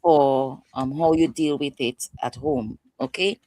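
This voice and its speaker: Low-voiced woman explaining with passion. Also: a little slow, dark tone, no echo. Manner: passionate, emphatic, acts out quotes. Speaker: guest expert on mental health. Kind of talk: instructive interview talk.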